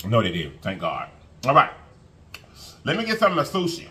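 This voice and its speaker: Medium in pitch but with huge pitch swings, a man speaks at normal speed in a sharp tone as he hosts an eating show. He's chatty and folksy, constantly talking to his viewers and humming as he eats.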